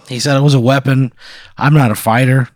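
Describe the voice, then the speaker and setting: Male co-host, mid-range voice, profane, excitable, argumentative. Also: mid-range voice, vocal fry, no echo, clean studio sound. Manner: profane, excitable, quick to protest. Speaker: co-host answering a hypothetical. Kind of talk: improvised comedy banter.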